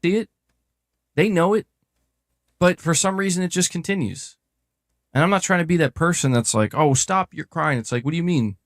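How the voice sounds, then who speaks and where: A man's voice: on the high side, brisk, pauses often, dry recording, studio quality. A young man co-hosting a livestream, complaining in exasperated, profane casual chat. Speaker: livestream co-host.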